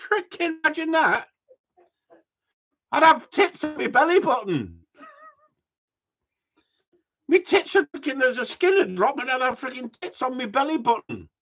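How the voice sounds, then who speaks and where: A middle-aged man rambles through a casual live stream, blunt and full of swearing and self-mockery. His husky voice swings up and down in pitch. The audio is dull and lo-fi. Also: pushed and bright. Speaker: dog trainer livestreaming.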